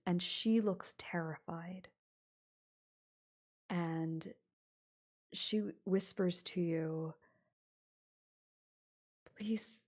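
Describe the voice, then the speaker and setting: A woman running a tabletop horror game as game master, narrating scenes in an unhurried way with fillers. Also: on the low side, a little mellow.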